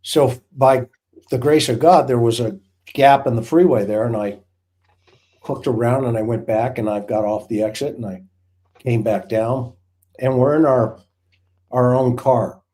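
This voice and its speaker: A man with a warm, mellow voice tells a long story in casual conversation. He rambles and restarts, piling on vivid detail. His pitch sits in an ordinary middle range. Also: fairly even intonation, measured pace. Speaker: former hostage negotiator. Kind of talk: casual anecdote telling.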